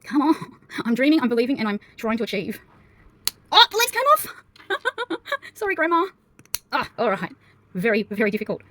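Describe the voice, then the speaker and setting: A woman's voice: a little high, quick pace. A young adult woman with an Australian accent, chatting to viewers and the toys as she unboxes and builds. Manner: animated, talks to viewers and the toys. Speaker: toy unboxing vlogger. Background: crinkling packets and plastic clicks.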